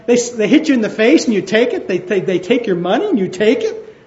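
High-voiced male pastor preaching in an echoey hall. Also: expressive, a little mellow, dull audio. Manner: conversational, with slowed emphatic phrases. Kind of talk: sermon.

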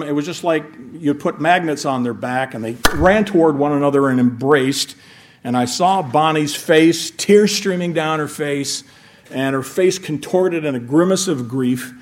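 A middle-aged man preaching a sermon in a conversational way, often restarting his sentences and adding asides. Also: a little high.

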